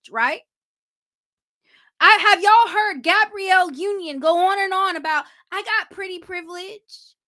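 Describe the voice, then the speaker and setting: Woman w/ doing a chatty live stream, talking right to viewers, pretty high voice. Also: bright, forceful tone. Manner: chatty, addresses viewers directly, frequent restarts. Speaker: host. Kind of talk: casual livestream commentary.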